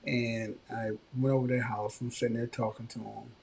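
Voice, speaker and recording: A man hosting a podcast, telling a personal story in casual conversation and giving frank advice, with animated bursts when he quotes others. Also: medium pitch, normal speed, creaky, a little hiss or hum. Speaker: podcast host.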